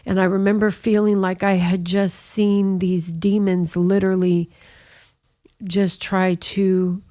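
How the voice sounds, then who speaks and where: A woman's voice: mid-range voice, level tone, takes it slowly, dark tone. A middle-aged woman telling her personal faith testimony in a conversational interview, with frequent "you know" asides. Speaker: guest sharing her testimony.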